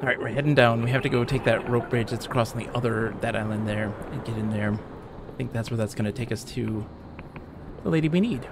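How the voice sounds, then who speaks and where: A man's voice: medium pitch, fairly quick, noisy background. A man streaming a game live, chatting casually and joking with the characters on screen. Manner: rambling, jokey, talks to game characters. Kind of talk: casual live gameplay chat.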